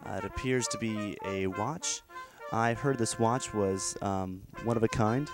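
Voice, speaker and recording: A man doing mock broadcast commentary as an event reporter, speaking in a deadpan, mock-formal announcer tone. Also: fairly low pitch, measured pace, over music.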